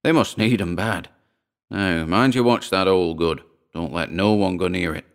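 A gruff, scornful farmer talks in blunt, rough folksy phrases, voiced by a man reading the story. The voice sits very deep and smooth. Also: normal speed, lightly acted. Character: gruff uneducated middle-aged farmer, scornful.

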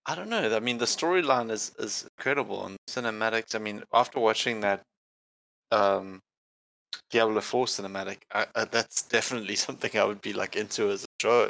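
Man, gravelly voice, bright tone, lively pitch, hesitant podcast chat. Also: a little fast, poor audio. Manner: hesitant, laughs often. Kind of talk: casual chat.

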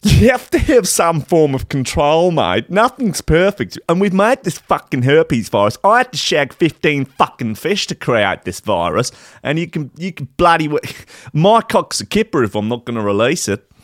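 Brief: crude Aussie politician, male, loud and boastful, dry close sound, put on by a man. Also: a little high, very animated, moderate pace, no room sound, voice pushed up. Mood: blustering. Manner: sweary, boastful.

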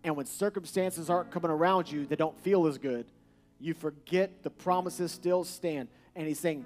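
A man preaching a sermon, repeating short refrains and building to loud, emphatic peaks. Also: fairly high pitch, moderate pace. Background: soft guitar music.

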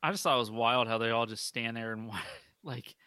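A laid-back man co-hosting a movie podcast, cursing casually as he chats. His voice is bright and a little sharp, recorded close and dry with no room sound. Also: medium pitch, a little fast, smooth, no room sound. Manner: laid-back, swears freely. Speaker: podcast co-host. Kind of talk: casual movie-review chat.

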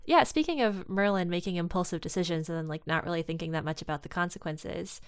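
A woman with a low, smooth voice in casual chat, recapping a story and slipping into the characters' lines as she goes. The sound is dry and close, with no room around it. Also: fast, dry recording. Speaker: podcast co-host discussing fan fiction.

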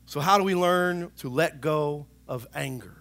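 A male pastor preaching a sermon in a church, animated and talking to the congregation, now and then acting out voices. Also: fairly high pitch, measured pace. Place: church sanctuary.

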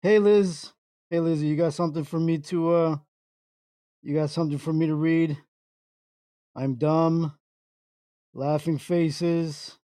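A man hosting a casual internet radio show, reading chat messages aloud in a slow, halting way and breaking into laughter. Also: fairly high pitch, fairly even intonation, mellow, clear, resonant tone, no echo, studio quality.

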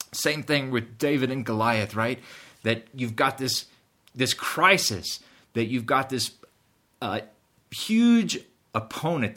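A man's voice: medium pitch, fairly bright tone. A man preaching a sermon earnestly, rising in emphasis at key points. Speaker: pastor.

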